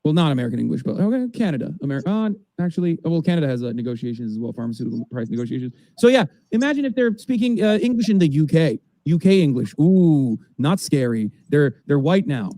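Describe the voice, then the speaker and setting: A man's voice: a little high, big pitch swings, fast, few pauses, mellow, no room sound. A man co-hosting a livestream, commenting on a video in a sarcastic, ranting way. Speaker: co-host.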